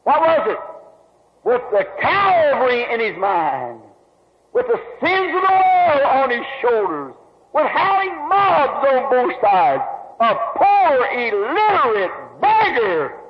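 A man with a very high voice preaches with dramatic storytelling, crying out the lines of the people in his tale. The recording is dull and lo-fi, with a faint hiss behind him. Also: wildly swooping pitch, takes it slowly, big-room sound. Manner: dramatic retelling, voicing characters with cries. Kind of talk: sermon storytelling.

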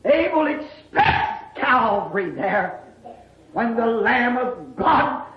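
A preacher giving an impassioned sermon, drawn-out and emphatic, bursting into shouts on key words. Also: medium pitch, very animated. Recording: dull, echoey old sermon recording.

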